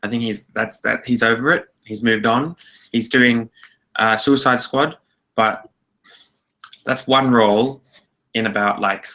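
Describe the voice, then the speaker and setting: A man's voice: medium pitch, fairly even intonation, measured pace, long pauses, pushed and bright. An Australian man co-hosting a film podcast, rambling casually with hedges and dry jokes. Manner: rambling, hedging, dry joking. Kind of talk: casual chat.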